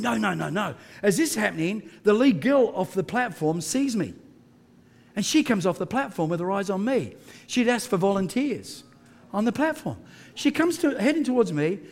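A middle-aged Australian pastor preaching a sermon, telling a story conversationally with fillers and restarts, then pressing his point emphatically. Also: high voice.

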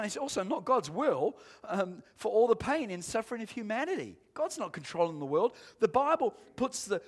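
A man preaching a sermon to a congregation, emphatic and rising to shouts, calling for amens and asking the room questions. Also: high-pitched. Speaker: pastor.

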